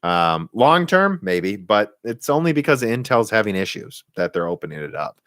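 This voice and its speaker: A man's voice: on the low side, very animated, a bit bright, dry recording, studio quality. A young man with a Midwestern American accent from Minnesota, casually answering viewer questions on a live stream in an opinionated, bursty way. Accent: Midwestern American, Minnesota, Michigan and central Illinois. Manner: opinionated, talks in quick bursts with restarts and laughs. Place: home room.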